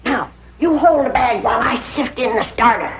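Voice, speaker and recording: An actress playing a bossy old hillbilly granny who casts love charms, with a folksy drawl. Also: female voice, fairly high pitch, moderate pace, natural voice, poor audio. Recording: hissy old TV soundtrack.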